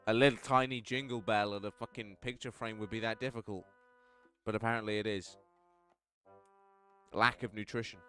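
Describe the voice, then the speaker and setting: A man reading a text game aloud with wry commentary, swinging between deadpan narration and outbursts. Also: medium pitch, smooth. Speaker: game streamer.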